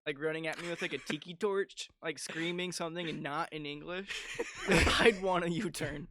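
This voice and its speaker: A young man co-hosting a podcast in casual chat, giggly and quick to laugh. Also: on the high side, fairly even intonation, bright, forceful tone, a little hiss or hum. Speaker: podcast co-host.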